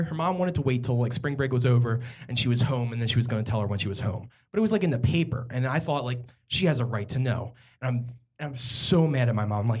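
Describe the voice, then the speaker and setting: A man's voice: medium pitch, fast, a little mellow. Rambling young man telling a story. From Philadelphia. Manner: rambling, filler-heavy, self-mocking. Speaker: comedian telling a true story. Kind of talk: live storytelling on a comedy podcast. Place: live comedy theatre stage.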